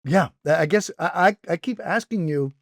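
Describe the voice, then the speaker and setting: Gravelly-voiced man co-hosting a snack podcast. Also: high voice, expressive, normal speed, no room sound, clean studio sound. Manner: rambling, self-interrupting, jokey bits. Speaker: podcast co-host. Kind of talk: casual chat.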